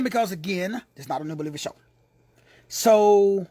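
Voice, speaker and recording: A man with a Texan accent preaching an informal sermon, playful and slangy, who drops into hushed whispers for asides. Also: high voice, moderate pace, pauses often, no room sound. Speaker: preacher and teacher.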